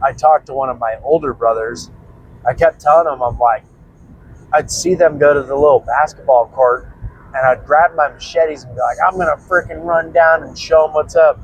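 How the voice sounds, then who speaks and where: A man's voice: medium pitch, a little hiss or hum, rough recording. A young man casually telling a personal story, rambling and swearing freely as he goes. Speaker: prepping channel host.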